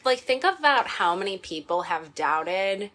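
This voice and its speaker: A woman's voice: medium pitch, expressive, measured pace, fairly bright tone. A woman co-hosting a casual podcast chat, reflective and encouraging, often chiming in to agree. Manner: affirming, reflective, many "yeah"s. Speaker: podcast co-host.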